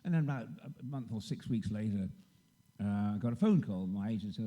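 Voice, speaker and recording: Older guy on a convention panel, rambly stories, does the voices, super mellow dark voice. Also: lowish voice, expressive, fairly quick. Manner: rambling, acts out quoted voices. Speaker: guest actor on a convention panel. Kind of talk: anecdotal storytelling. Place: convention stage.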